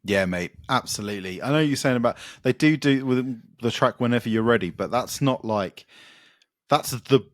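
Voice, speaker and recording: A man rambles happily through a casual podcast chat about records, swearing freely and trailing off into fillers. His voice sits at a middling pitch and is recorded dry and close, with no room sound around it. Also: moderate pace, dry recording. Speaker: podcast co-host.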